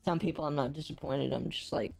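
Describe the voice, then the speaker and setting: A young adult woman co-hosting a casual streamed podcast, rambling and halting with frequent restarts and small laughs. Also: sits low, gravelly, a little mellow. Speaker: podcast co-host.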